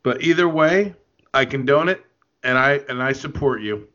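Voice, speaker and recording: A man's voice: mid-range voice, normal speed, pushed and bright. A man co-hosting a podcast, trading crude jokes and telling loose stories, laughing often. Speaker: podcast co-host. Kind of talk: crude casual banter. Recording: dull lo-fi podcast audio.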